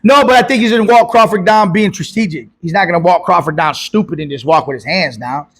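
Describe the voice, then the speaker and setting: A boxing coach in a heated casual debate, his voice sitting notably high for a man. He presses his point with repeated buts and cuts in often, swearing freely as he argues. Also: fast, gravelly, slightly rough, soft background music. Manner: emphatic, argues in bursts with repeated buts and profanity.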